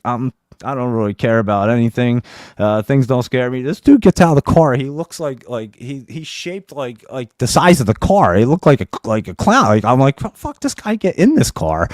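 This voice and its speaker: A man hosting a live show, telling a wild story in a casual, profane, animated way and laughing as he goes. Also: fairly low pitch, dry recording, studio quality.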